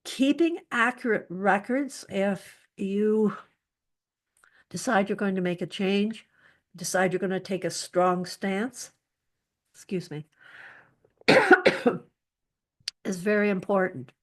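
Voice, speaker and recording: A woman's voice: mid-range voice, takes it slowly, long pauses. A woman speaker giving earnest, practical advice on psychological safety, often restarting her sentences.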